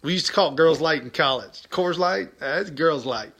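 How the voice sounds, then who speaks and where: Bright, chatty man hosting a live stream. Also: on the high side, normal speed, vocal fry. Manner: chatty, enthusiastic, repeats words, laughs often. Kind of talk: casual live-stream chat reading viewer comments.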